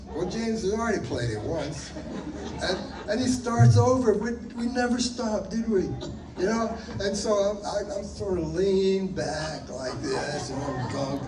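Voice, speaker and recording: Older guy rambling through a story onstage, echoey room, loud crowd around. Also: high voice, normal speed. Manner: rambling, animated anecdote-telling with repeated restarts. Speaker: session musician guest. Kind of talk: stage panel storytelling. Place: event stage before an audience. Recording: echoey hall mic from a distance with crowd.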